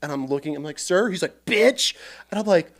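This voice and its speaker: Guest: male veteran from central Washington, lively raconteur, slightly high pitch, acts out scenes loud. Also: very fast. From central Washington, USA. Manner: animated, reenacts scenes loudly. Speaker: podcast guest, Marine veteran. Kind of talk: casual storytelling.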